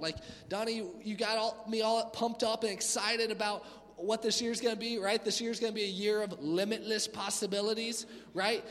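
High-voiced youth pastor in a hall. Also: male voice, moderate pace. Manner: energetic, conversational, acts out voices. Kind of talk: youth sermon. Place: church hall. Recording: long hall reverb.

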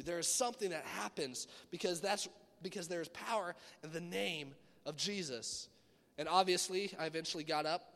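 A young man, a youth pastor, preaching a sermon as animated storytelling that swings between loud and soft. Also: high voice, a little fast, gravelly, long reverb tail.

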